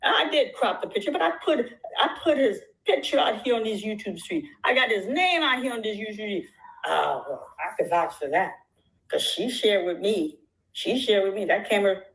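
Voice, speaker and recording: A woman's voice: medium pitch, expressive, moderate pace, a bit bright, rough recording. A woman talking in an impassioned, casual way, emphatic and rambling, repeating phrases and restarting her sentences. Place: out at dinner with supporters.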